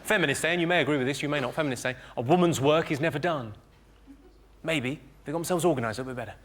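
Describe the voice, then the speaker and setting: A British man performing live stand-up, delivering one-liners in a dry, deadpan way on a comedy stage. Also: a little high, fast talker, background noise. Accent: British English.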